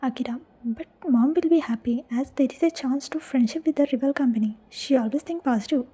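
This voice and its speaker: A woman reading the lines of a pushy, sarcastic young friend in a soft, breathy near-whisper, as part of a fan-fiction audio story. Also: sits high, fairly quick. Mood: pressing.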